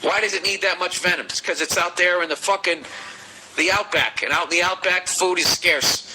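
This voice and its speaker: Podcast host with a Boston accent, a man giving crude comic advice, forceful tone. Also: sits high, a little fast, breathy edge, poor audio. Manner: profane, ranting, animated. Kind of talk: comedic advice rant.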